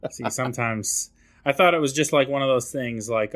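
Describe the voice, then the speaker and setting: A man's voice: mid-range voice, fairly quick, a bit bright. A man co-hosting a podcast, chatting casually with short reactions and easy laughs. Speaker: podcast co-host. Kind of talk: casual chat.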